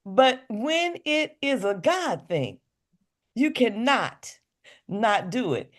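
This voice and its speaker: A woman co-hosting a radio show, speaking about faith in a slow, emphatic, preaching manner. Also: on the high side, sing-song. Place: radio studio.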